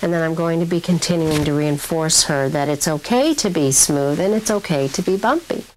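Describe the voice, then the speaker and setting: A woman working as a speech clinician, who models her words slowly and deliberately and then explains the therapy to a parent. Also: low voice, animated, a little mellow, slight background noise, poor audio.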